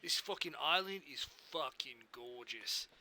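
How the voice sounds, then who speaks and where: A man's voice: medium pitch, animated, a little slow, pushed and bright, full character voice. A man playing a brash, profane sailor adventurer in a tabletop game, swearing constantly and calling everyone mate. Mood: swaggering.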